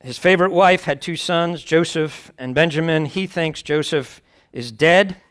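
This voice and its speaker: A man's voice: fairly high pitch, measured pace, fairly bright tone. A man preaching, reading scripture aloud and explaining it in a conversational way, with wry asides.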